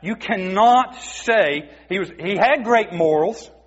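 A man's voice: high-pitched, animated, takes it slowly. A man preaching a sermon, emphatic and asking the congregation rhetorical questions. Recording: dull, muffled recording in a reverberant hall.

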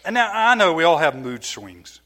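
A middle-aged man preaching with a bright, ringing voice pitched a little higher than most men's. He tells personal stories in an animated way and often laughs at himself between points. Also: moderate pace. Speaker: pastor. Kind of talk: sermon.

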